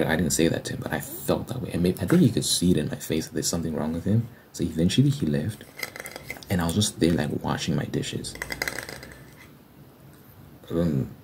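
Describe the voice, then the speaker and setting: A young man hosting an ASMR video, telling a rambling, candid story in a casual way and sometimes dropping to a soft near-whisper. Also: extremely low pitch, gravelly, background noise. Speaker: ASMR channel host. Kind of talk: casual storytelling over fast tapping ASMR. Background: fast tapping and typing sounds.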